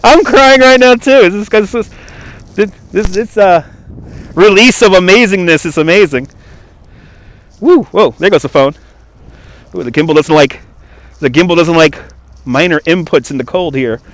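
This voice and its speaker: High-voiced man chatting on a live stream. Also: normal speed, long pauses, dry recording. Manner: chatty, laughing, thanking viewers warmly by name. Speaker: livestream host. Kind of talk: live walking stream chat. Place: outdoors on a cold waterfront. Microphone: phone on a gimbal.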